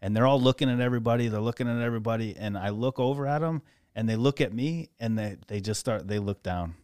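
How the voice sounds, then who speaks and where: A man on a casual podcast, reflecting on a hard moment in military training, relaxed and swearing casually. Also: medium pitch, fast, smooth, no room sound, studio quality.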